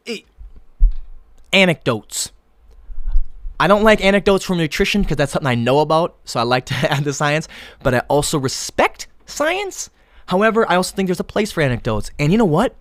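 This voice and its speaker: Male podcast host, caffeinated, quick and animated, dry close sound. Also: on the high side, dry recording. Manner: fast, animated, swearing. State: hopped up on caffeine. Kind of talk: casual podcast talk and rant.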